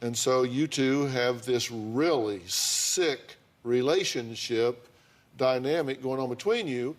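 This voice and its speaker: A man's voice: medium pitch, takes it slowly. A man, a talk show host counseling a couple bluntly and sarcastically in front of a studio audience.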